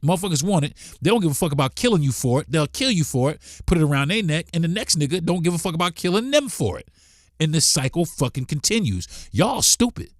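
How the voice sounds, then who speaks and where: A man's voice: on the high side, no room sound, studio quality. A man hosting a podcast, delivering a blunt, profane, heated monologue. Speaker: podcast host.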